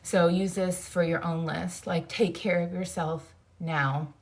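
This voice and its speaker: A woman's voice: fairly low pitch, fairly even intonation, measured pace. A woman in her forties hosting a casual faith talk, speaking in an earnest, rambling, heartfelt way. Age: 40s. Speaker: host.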